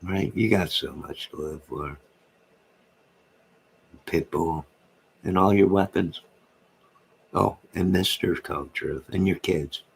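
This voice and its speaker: Guy with a low raspy fried voice, goofing around with his chat late at night. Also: fairly even intonation, takes it slowly, long pauses. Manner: joking, rambling banter. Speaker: livestream host reading chat.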